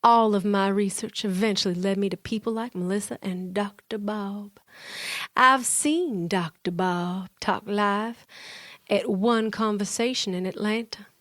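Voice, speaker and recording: A woman putting on a Southern US drawl to read a listener review aloud, slow and drawn out. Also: mid-range voice, a bit bright, no room sound, studio quality, natural voice. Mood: earnest drawl. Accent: put-on Southern US drawl.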